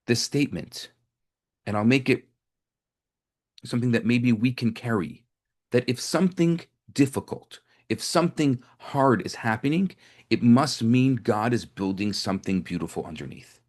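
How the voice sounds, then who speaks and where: A man of middle pitch speaks as a rabbi teaching a group. He tells stories casually, circling back and repeating words as he builds his point. The tone is that of a spoken sermon, not a reading. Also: lively intonation, normal speed. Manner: conversational, with frequent restarts and repetitions. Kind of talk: storytelling sermon to a live group.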